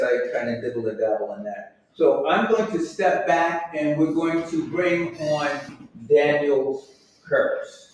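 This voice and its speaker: Man in his sixties doing chatty stand-up. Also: medium pitch. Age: 60s. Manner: chatty, self-mocking, jumps between asides. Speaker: host and stand-up comedian. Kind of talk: live stand-up comedy. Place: small room with a stage. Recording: echoey room, mic far off, faint noise.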